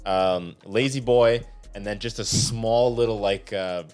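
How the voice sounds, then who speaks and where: A young man co-hosting a podcast, telling stories in a relaxed, rambling way. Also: fairly low pitch, measured pace, smooth, soft background music. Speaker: podcast co-host. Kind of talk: casual storytelling chat.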